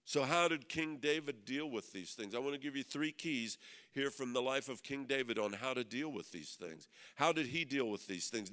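A mid-pitched man preaches a sermon to a men's gathering. He keeps checking in with the room for an "Amen?" and slows down to stress each line of scripture. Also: lively intonation, bright, forceful tone. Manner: preaching with frequent "Amen?" call-outs to the audience; reads scripture aloud slowly and with emphasis. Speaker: pastor.

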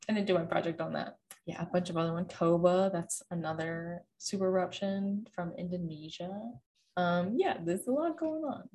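A woman's voice: lowish voice, moderate pace, darkish tone. A woman in her twenties hosting a podcast, casually presenting her thesis and quizzing her family, with many fillers. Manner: chatty, hedging with fillers like "like" and "um".

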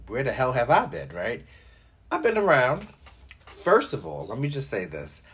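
A man's voice: medium pitch, a little slow, breathy edge. A young man hosting his own podcast, chatting casually and joking, with plenty of swearing and filler words. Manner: animated and joking, with frequent profanity and filler likes. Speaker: podcast host. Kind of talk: casual solo podcast chat.

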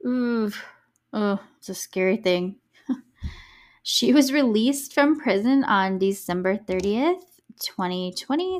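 A woman's voice: medium pitch, animated, slow pace. A young woman hosting a true crime podcast, chatting casually and reacting to the case with sarcastic asides. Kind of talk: casual solo podcast chat.

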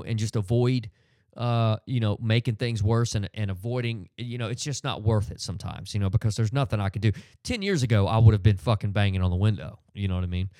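Middle-aged male podcast host, lively swinging delivery, dry close sound, casual profane ranter. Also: mid-range voice, dry recording. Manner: profane, animated storytelling with frequent fillers. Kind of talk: ranting casual monologue.

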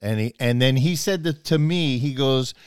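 A man's voice: medium pitch, normal speed, clear, resonant tone, no echo, studio quality. A man telling a long personal story in casual chat, rambling, restarting his sentences, and acting out both sides of the conversation.

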